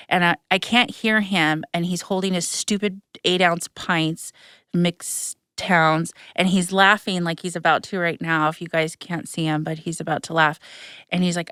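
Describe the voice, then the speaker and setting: A woman hosts a podcast in a relaxed, animated storytelling style, full of fillers and quick asides. Her voice is smooth and clear. The sound is dry and close. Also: on the low side, dry recording. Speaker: podcast host. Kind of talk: casual chat.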